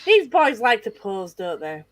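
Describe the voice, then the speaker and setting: A woman's voice: mid-range voice, sing-song, unhurried, no room sound. A woman hosting a casual chat with friends, teasing and laughing often. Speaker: channel host.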